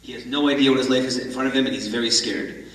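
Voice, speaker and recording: A man giving a storytelling talk at a religious conference, animated and acting out the people in his story. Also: medium pitch, fast. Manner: animated storyteller, acts out the characters. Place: large conference hall. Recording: echoey hall from far off.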